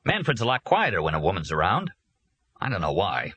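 An irritable, anxious boss, drunk and stuttering, from a storybook, voiced by a male reader. His voice is very deep and husky. He grumbles and complains as he talks. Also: wildly swooping pitch, fairly quick, sharp tone, no room sound, full character voice. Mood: grumbling.

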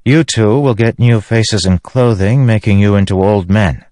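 A man's voice: on the low side, normal speed, mellow, no room sound, clean studio sound, pitched above the performer's own voice, lightly acted. A man voicing a teasing, bossy young woman who is an illusionist, in an audiobook. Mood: brisk teasing.

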